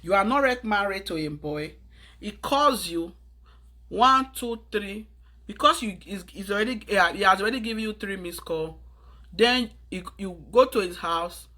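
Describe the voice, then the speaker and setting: A Nigerian woman talking straight to her audience, urgent and preachy, with pidgin phrases. Her voice is bright and carries, at a middle pitch for a woman. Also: lively intonation, moderate pace. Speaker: vlogger giving advice. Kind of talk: earnest advice monologue to camera.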